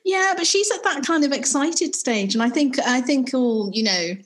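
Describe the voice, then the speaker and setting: A woman's voice: sits high, animated, normal speed. A woman co-hosting a podcast, sharing a parenting story in a chatty, matter-of-fact way. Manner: chatty, matter-of-fact, lots of "you know". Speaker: podcast co-host. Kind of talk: casual chat, anecdote.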